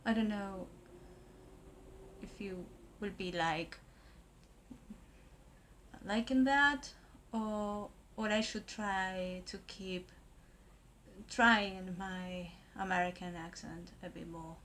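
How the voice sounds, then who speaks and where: A woman from Argentina, talking through a makeup tutorial in a hesitant way with many pauses and fillers. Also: mid-range voice, steady tone, a bit bright. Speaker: makeup vlogger.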